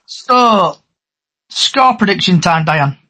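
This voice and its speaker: A man hosting a casual podcast, brisk and teasing as he leads the questions. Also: sits high, expressive, pushed and bright. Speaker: podcast host. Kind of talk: casual chat.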